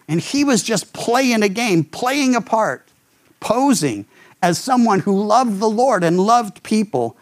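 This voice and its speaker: A man preaching a sermon as a pastor, animated and acting out the people he quotes. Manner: animated, acts out quoted speakers with big pitch jumps. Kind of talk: expository sermon.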